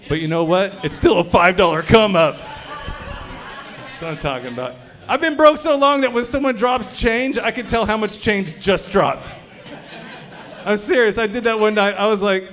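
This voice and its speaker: High-voiced man doing crude stand-up. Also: lively intonation, normal speed, fairly bright tone. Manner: crude, conversational, quizzing the crowd. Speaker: stand-up comedian. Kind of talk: stand-up comedy set. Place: brewery comedy showcase.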